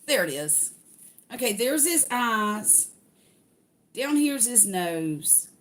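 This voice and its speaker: A woman's voice: on the high side, sing-song, slow pace. An older woman, chatting casually to livestream viewers while unboxing a craft kit.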